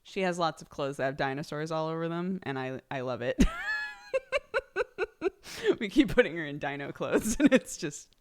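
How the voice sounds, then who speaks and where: A woman's voice: low-pitched, lively intonation, moderate pace, long pauses, a little mellow, smooth. A young woman streamer chats casually with her live audience in a bubbly, giggly way. Her voice rises and falls widely as she thanks subscribers one by one. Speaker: livestreamer. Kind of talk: casual chat with live viewers.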